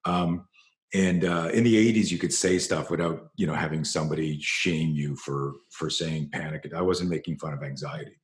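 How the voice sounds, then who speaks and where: A middle-aged man, a self-defense trainer, telling a story in an interview and growing animated as it builds. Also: normal speed, echoey room. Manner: animated storyteller, rising in pitch and force when excited.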